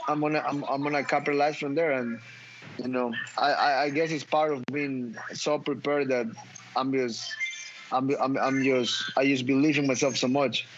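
A man's voice: medium pitch, steady tone, moderate pace. A man who fights in mixed martial arts, giving a post-fight interview, talking emphatically with lots of swearing, stumbling and repeating words. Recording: dull audio with clear background noise.

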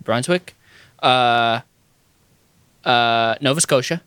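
A man's voice: mid-range voice, expressive, normal speed, a bit bright. A man co-hosting a podcast in casual chat, joking around and slipping into playful impressions. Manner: jokey, slips into playful Midwest impressions. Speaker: podcast co-host.

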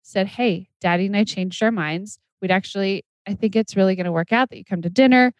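Chatty woman sharing quick anecdotes. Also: medium pitch, dry recording. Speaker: podcast co-host. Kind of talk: casual chat.

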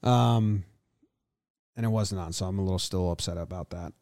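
A man's voice: sits low, moderate pace, darkish tone, no room sound, clean studio sound. A man co-hosting a casual sports podcast, playful and jokey as he rattles off stats. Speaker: podcast co-host.

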